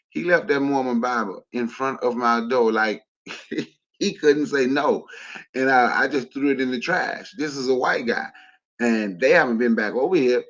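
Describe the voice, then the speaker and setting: Man, animated caller telling a story, average pitch, muffled line. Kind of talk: casual storytelling on a call-in stream. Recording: slightly dull lo-fi line.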